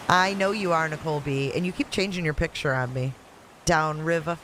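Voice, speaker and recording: A woman's voice: low-pitched, fairly quick, background noise. A woman with a Michigan accent hosting a casual livestream, chatting and answering viewer comments one after another. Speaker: livestream host. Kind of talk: casual live-chat stream. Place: at home in Florida riding out a hurricane.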